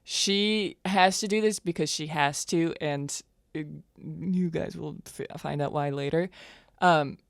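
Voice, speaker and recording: Brief: eager woman player, low voice, dry close sound. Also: slow, creaky, hardly any pauses, no room sound. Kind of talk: casual chat.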